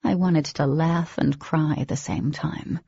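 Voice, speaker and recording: Husky woman narrating an audiobook. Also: sits low, steady tone, measured pace, dark tone, no echo, lo-fi sound. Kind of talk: scripted first-person narration.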